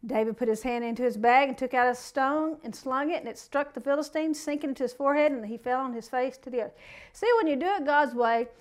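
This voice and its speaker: High-voiced woman preaching a folksy sermon. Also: fast talker. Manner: reads scripture aloud, then breaks off to preach in folksy asides.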